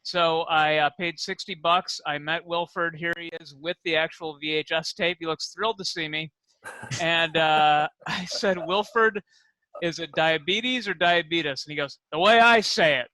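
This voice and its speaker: Middle-aged male co-host, bright and slightly high voice, dry close mic, rambling casual delivery. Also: level tone, moderate pace, smooth, no echo, low-quality recording. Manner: dry, rambling anecdotes with frequent fillers. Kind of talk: casual comedic chat.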